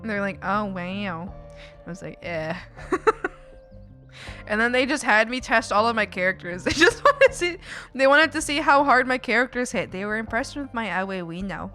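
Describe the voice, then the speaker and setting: A woman's voice: a little high, very animated, brisk, sharp tone. Giggly, rambling young woman streamer. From Canada. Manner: chatty, giggly, rambling with frequent restarts. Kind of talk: casual chat with viewers. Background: faint background music.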